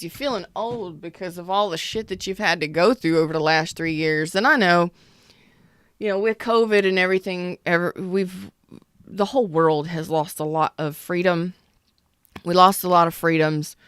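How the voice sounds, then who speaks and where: A woman in her thirties talks through a tarot reading in a blunt, emphatic way, swearing freely as she goes. Her voice sits on the low side and sounds smooth and clear. The sound is dry and close. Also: moderate pace, dry recording. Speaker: tarot reader.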